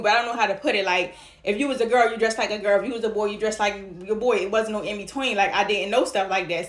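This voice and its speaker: A woman tells a personal story in a loose, chatty way, full of "like" and "you know," and slips into the voices of the people in it. Her voice sits a little high. The recording has a roomy echo around it. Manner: animated, acts out dialogue in the story. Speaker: storytime vlogger. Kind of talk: casual storytelling.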